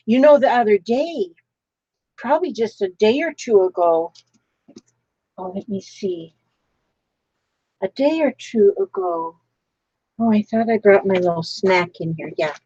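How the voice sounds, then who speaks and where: A woman's voice: medium pitch, darkish tone, dry recording, lo-fi sound. An older woman chatting casually while opening happy mail, gushing and exclaiming often. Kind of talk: casual live-stream chat.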